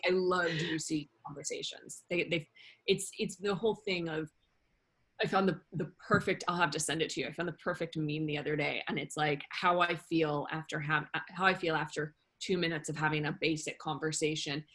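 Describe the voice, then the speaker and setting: A woman talking as an interview guest, rambling and animated, with many fillers and restarts. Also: low-pitched, a little fast. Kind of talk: casual interview chat.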